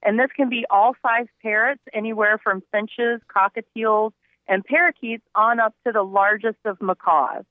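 A woman speaking as a guest for a rescue group, clear and informative. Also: fairly high pitch, fairly even intonation, normal speed, dry recording. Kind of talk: phone interview. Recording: dry, tinny phone line.

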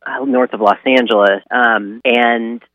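A man's voice: mid-range voice, unhurried, no room sound, highs cut off. A man from California, a guest on a radio show, talks casually with frequent ums and short laughs. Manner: relaxed, hesitant, many ums and laughs. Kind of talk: casual interview conversation.

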